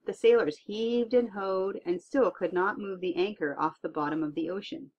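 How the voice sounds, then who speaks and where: A woman reading a tall tale aloud in an expressive storytelling manner. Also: medium pitch, normal speed. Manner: lively expressive read-aloud. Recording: dull lo-fi recording.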